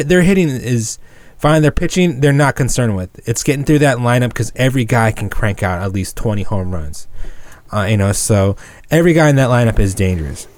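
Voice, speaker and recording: A man's voice: medium pitch, a little mellow. A young man chatting bluntly about baseball on a podcast, swearing and getting heated. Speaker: podcast co-host. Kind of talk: casual sports chat.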